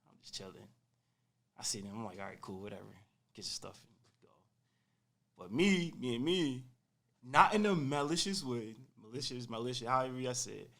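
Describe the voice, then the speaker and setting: A young man casually telling a personal story on a podcast, animated and full of slang, acting out what people said. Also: mid-range voice, a little fast. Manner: animated, slangy, acts out quotes.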